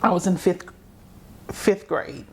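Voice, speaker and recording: A woman's voice: lowish voice, fairly even intonation, takes it slowly, gravelly, a little mellow, breathy edge. A middle-aged woman from South Carolina, a guest telling her story in a conversational way, acting out the voices she remembers. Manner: vivid, acts out remembered voices.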